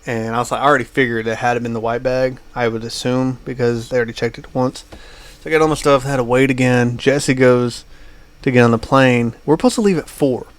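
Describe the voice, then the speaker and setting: A man's voice: medium pitch, steady tone, fairly quick. A man co-hosting a podcast, telling a long travel anecdote in casual chat, full of fillers like "uh" and "like". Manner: rambling anecdote with many fillers. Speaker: podcast co-host.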